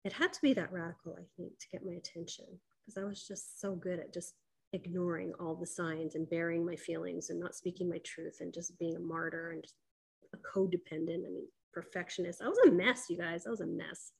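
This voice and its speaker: A woman's voice: on the low side, flat delivery, a little fast, vocal fry, darkish tone, breathy edge, low-quality recording. A middle-aged woman telling a personal spiritual story, candid and emphatic, with fillers and quoted dialogue.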